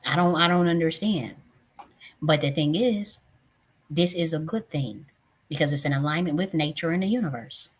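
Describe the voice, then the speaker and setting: A woman's voice: low voice, moderate pace, breathy edge. A woman in her thirties hosting a tarot live stream, talking casually and bluntly with profanity, often getting worked up. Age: 30s.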